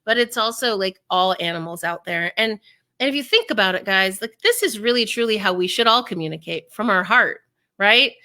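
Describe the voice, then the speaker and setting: Bright, animated woman coaching. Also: mid-range voice, a little fast. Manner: animated, acts out quoted voices. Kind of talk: casual interview chat.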